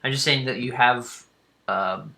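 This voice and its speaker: A man narrating a tabletop game as game master, pausing often with fillers and restarts. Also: medium pitch, vocal fry, pushed and bright, slight background noise. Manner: halting, with frequent fillers and restarts.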